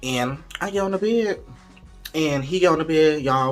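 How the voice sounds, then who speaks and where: A man's voice: mid-range voice, unhurried, a bit bright, faint music behind. A young man in casual storytime mode, chatty and candid, talking straight to his viewers. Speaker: vlogger.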